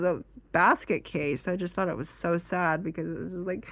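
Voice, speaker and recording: A woman telling a comic story in an animated, excitable way that grows loud. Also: fairly low pitch, moderate pace, hardly any pauses, no room sound, studio quality. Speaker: comedian. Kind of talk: stand-up comedy storytelling.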